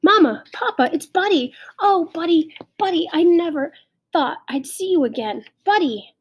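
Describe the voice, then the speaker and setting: A woman's voice: very high-pitched, animated, normal speed, voice pushed up. A woman voicing a little girl who is overjoyed at finding her lost dog, in a storybook reading. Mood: excited.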